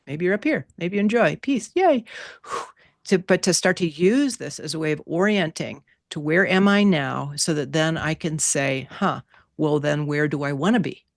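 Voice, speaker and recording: Animated woman teaching an online class. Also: deep voice, moderate pace, gravelly, no echo, clean studio sound. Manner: animated, playful, repeats key words. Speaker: workshop teacher. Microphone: video call.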